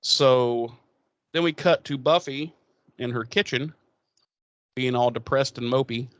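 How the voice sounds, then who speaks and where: A man on a podcast, casually retelling an episode with plenty of swearing and offhand paraphrase. His voice sits at an ordinary middle pitch and sounds close and dry, with no room around it. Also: a little slow, no echo, lo-fi sound. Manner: loose and profane, paraphrasing characters' lines. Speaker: podcast co-host.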